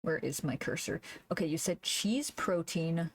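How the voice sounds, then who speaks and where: A woman streamer chatting casually while she draws, thinking aloud, humming to herself and laughing softly, into a desk microphone. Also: low-pitched, expressive, measured pace, slight background noise. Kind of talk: casual live-stream chat while drawing.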